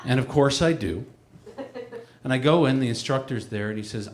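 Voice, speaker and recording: A man in his forties performing a stand-up comedy set in a live venue, telling stories with lively acted-out quotes. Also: medium pitch, normal speed, pauses often, reverberant. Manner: animated storytelling with acted-out quotes. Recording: live room with loud audience laughter. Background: audience laughing.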